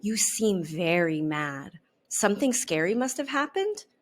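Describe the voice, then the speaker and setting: A woman voicing a gentle butterfly teacher who speaks slowly, soothingly and firmly. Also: medium pitch, sing-song. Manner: soothing, slow and firm.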